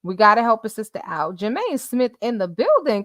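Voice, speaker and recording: A woman hosting a casual live stream, reading messages and viewer comments aloud with animated, laughing commentary. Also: on the high side, moderate pace, no room sound, clean studio sound.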